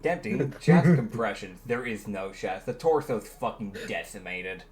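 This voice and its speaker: A man jokes and swears casually as a player at a tabletop game. He talks slowly, with a voice that swings widely in pitch. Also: animated, darkish tone. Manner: joking, swears, laughs.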